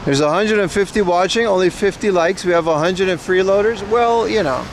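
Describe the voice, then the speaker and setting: A man's voice: sits high, a little fast, slight background noise. A man in his thirties hosting a casual livestream outdoors on city streets, rambling and answering viewer chat while biking. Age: 30s. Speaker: livestream host.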